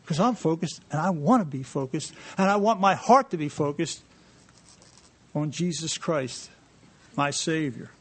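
A man preaching a sermon to a congregation in a church, animated and jokey, reading scripture aloud. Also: a little high, measured pace. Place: church sanctuary.

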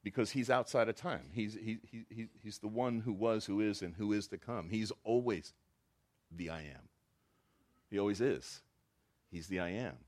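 Lively preaching man, fairly low voice. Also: normal speed. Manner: animated, acts out quoted dialogue. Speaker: pastor. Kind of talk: sermon. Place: church.

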